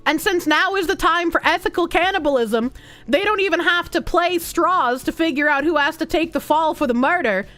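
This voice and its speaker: A young woman livestreaming, reading chat messages aloud, thanking donors and laughing often in a loose, animated way. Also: very high-pitched, moderate pace, soft background music. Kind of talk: live stream chat reading.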